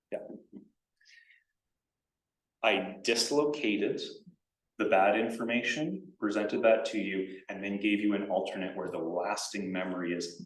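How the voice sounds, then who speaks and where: A man giving a conference writing workshop in a casual, animated way, acting out example sentences. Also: lowish voice. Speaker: workshop presenter. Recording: echoey room, distant from mic.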